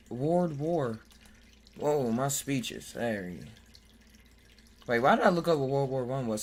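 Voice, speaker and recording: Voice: medium pitch, animated, takes it slowly, pauses often, a little mellow. A podcast host in casual chat who jokes, laughs often, reads articles aloud and stumbles over words.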